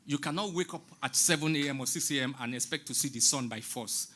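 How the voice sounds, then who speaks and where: Nigerian man, 60s, on a stage, forceful and fairly high voice, fervent and sermon-like with Pidgin asides. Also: fast. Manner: passionate, preaching, mixes in Pidgin. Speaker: guest artist speaking on stage. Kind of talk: public talk. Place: stage in a large venue.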